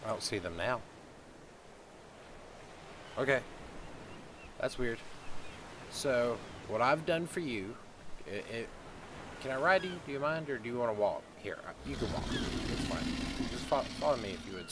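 A roleplaying gamer stays in character, coaxing and cheering on his pet creature in a medium-pitched voice with lively intonation. He speaks unhurriedly with long pauses, and loud wind and ocean sounds from the game fill the recording.

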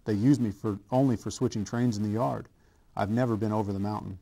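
A man voicing a small, kind and determined female blue engine in a storybook, in a quiet, steady chant. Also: on the low side, fairly quick, creaky. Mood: earnest.

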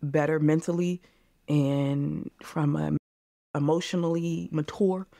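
Earnest woman in her thirties, gravelly. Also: sits low, fairly even intonation, slow, mellow, dry recording, studio quality. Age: 30s. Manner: earnest, emotional, repeats phrases. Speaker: podcast guest. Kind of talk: candid interview.

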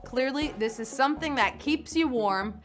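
A woman's voice: high-pitched, expressive, moderate pace, music in the background. A young woman hosting a live quiz show, playful and punny, chatting with her players. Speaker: game show host. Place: studio in New York.

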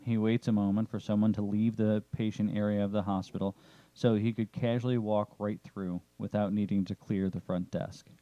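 A man narrating a story chapter in a steady, descriptive way. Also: fairly low pitch, normal speed, no echo, highs cut off.

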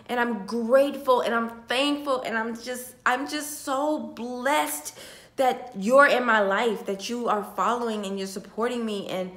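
A young woman talking tearfully to her phone camera, sighing and heartfelt, repeating herself as she goes from hushed to loud. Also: on the high side. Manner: heartfelt, repetitive, swinging between hushed and loud. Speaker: vlogger. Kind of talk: emotional talk to camera. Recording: roomy echo.

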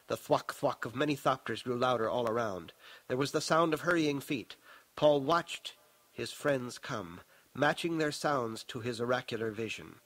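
Man, author reading own novel, measured dramatic audiobook narration. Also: mid-range voice, expressive, fairly bright tone, no room sound, low-quality recording.

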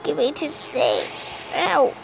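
A woman's voice: high voice, slow pace, creaky, rough recording. A woman giving playful commentary while gaming, giggling and making sound effects over game music. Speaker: gamer.

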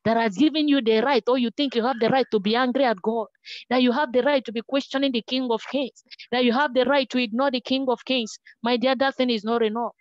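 A woman's voice: on the high side, steady tone, fast talker, no echo, highs cut off. A woman preaching a sermon, earnest and repetitive, praying aloud between points.

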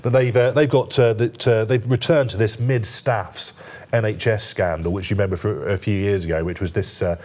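A man's voice: lowish voice, steady tone, normal speed, a little mellow. A male journalist guest on a TV newspaper review, talking in stops and starts with a light joking tone. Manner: hesitant, many fillers and restarts, lightly joking. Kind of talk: studio discussion.

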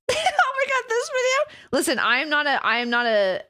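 A woman's voice: high voice, huge pitch swings, moderate pace, pushed and bright. A young adult woman streamer in casual live chat, laughing often and swearing freely as she reacts to videos.

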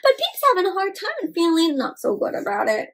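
Lively woman storyteller for kids: high, bouncy, interactive. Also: fairly quick. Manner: animated, asks the listeners questions, gasps. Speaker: storyteller for children. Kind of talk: interactive read-aloud for kids.

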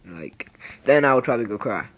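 A man's voice: lively intonation, a little fast, a bit bright, breathy edge, lo-fi sound. A teenage boy whose voice is breaking, rambling goofily through casual gameplay commentary. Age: teens. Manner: goofy, rambling, jumps into squeaky silly voices. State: voice breaking with adolescence. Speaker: gaming video creator.

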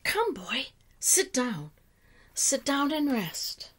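A woman reading the lines of a gentle, loving old female apple tree, soft and tender, sometimes close to a whisper. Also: high voice, sing-song, very slow, voice pushed up, exaggerated voice.

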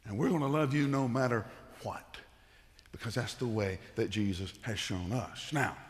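A male pastor giving a conversational sermon, rising into loud emphatic bursts and dropping to low, quiet tones. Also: normal speed, big-room sound.

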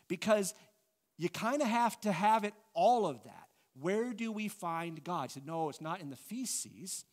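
Animated Midwestern man lecturing a class. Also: high voice. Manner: animated, thinking out loud, asks the class questions. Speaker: adult class teacher.

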